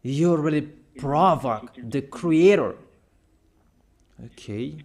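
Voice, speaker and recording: A man preaching a sermon in emphatic, repetitive English with halting, non-native phrasing, firing questions at his listeners. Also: fairly high pitch, lively intonation, a little mellow.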